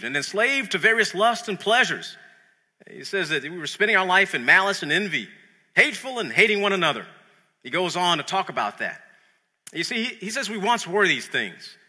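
A man delivers a lively, conversational sermon. His voice sits high and sounds piercingly bright, with a husky edge. A long hall reverb trails every phrase. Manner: animated, conversational preaching with repeated words. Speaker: preacher.

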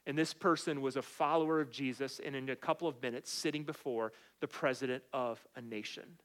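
A man's voice: medium pitch, fairly even intonation, fairly quick, a bit bright. Man preaching a story-driven sermon. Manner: conversational preaching with storytelling asides. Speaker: pastor.

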